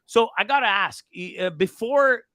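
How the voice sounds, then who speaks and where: A man's voice: high voice, expressive, normal speed, pushed and bright, no echo. A man hosting a casual interview, rambling and swearing freely. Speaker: host. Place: bar in Nicaragua.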